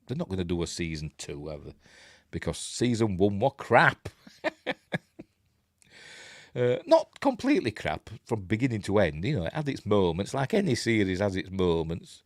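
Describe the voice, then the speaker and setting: Yorkshire bloke hosting a live stream, lowish voice that bounces all over, dry close sound, keeps snarking at what he reads. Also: no room sound. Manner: chatty and sarcastic, reads articles aloud and mocks them. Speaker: host of a live news stream. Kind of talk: casual live-stream commentary.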